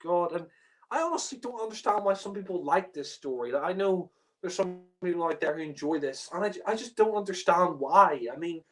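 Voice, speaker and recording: A man's voice: high voice, animated, fairly quick, fairly bright tone. A man giving a casual spoken review rant, exasperated and profane, laughing often and using many fillers.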